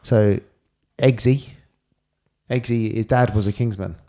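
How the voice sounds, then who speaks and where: A man's voice: lowish voice, steady tone, measured pace, warm tone. Jokey, blunt podcast co-host man. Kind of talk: casual chat.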